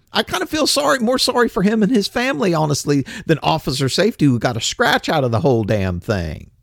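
A man's voice: high-pitched, vocal fry, dry recording, studio quality. A man ranting in opinion commentary, blunt, profane and sarcastic.

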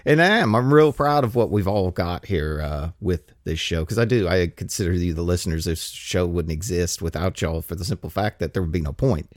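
A man's voice: sits low, a little fast, few pauses, dry recording, clean studio sound. A man hosting a podcast alone, rambling through listener mail with restarts and chuckles. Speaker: podcast host. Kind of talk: casual solo podcast monologue, reading listener mail.

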